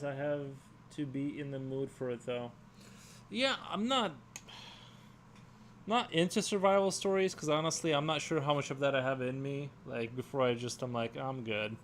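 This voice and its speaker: A man's voice: a little high, slight background noise. A man hosting a casual livestream, chatting and reading out viewer comments in a rambling, unsure way. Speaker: livestream host. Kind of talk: casual chat while sketching.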